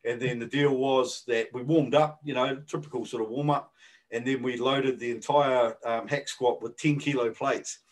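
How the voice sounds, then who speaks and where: A man's voice: medium pitch, steady tone, normal speed, low-quality recording. A man with a New Zealand accent co-hosting a podcast, chatting casually and rambling with lots of fillers. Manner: rambling, hesitant with many fillers. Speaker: podcast co-host. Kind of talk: casual chat.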